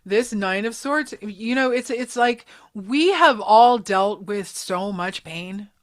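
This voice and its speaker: A woman's voice: medium pitch, expressive, takes it slowly. A woman doing a casual tarot reading for viewers, chatty and emotional, calling them darling and sweeties as she goes. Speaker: tarot reader.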